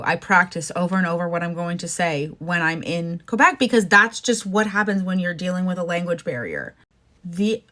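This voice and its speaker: A woman's voice: medium pitch, a bit bright. Exasperated ranting woman podcaster. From Canada. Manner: exasperated, ranting, with frequent laughs and asides. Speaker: podcast host. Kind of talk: casual opinion monologue.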